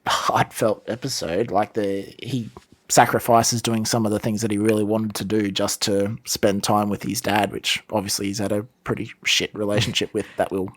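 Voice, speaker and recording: A man, co-hosting a podcast in casual chat, giving measured, reflective commentary. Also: lowish voice, level tone, no room sound. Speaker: podcast co-host.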